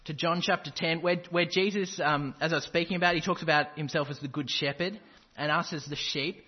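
A man's voice: on the high side, highs cut off. A man preaching a sermon, quoting scripture and driving points home with emphatic repetition. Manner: emphatic, quotes scripture with rising intensity.

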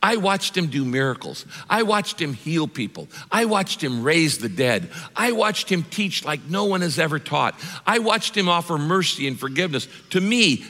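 Remorseful Peter, voiced by a preacher. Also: male voice, high-pitched, bright, forceful tone, in a large hall, pitched above the performer's own voice. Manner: earnest, self-reproaching. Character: Peter, remorseful grown man confessing failure.

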